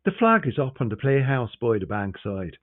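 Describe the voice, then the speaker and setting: A man reading a novel aloud in a measured, expressive way. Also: mid-range voice, dry recording. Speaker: reader. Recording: tinny, phone-like sound.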